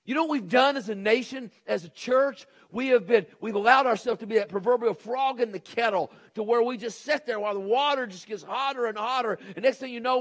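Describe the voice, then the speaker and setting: A middle-aged male pastor preaching a sermon, swinging between shouted emphasis and hushed intensity. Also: extremely high pitch.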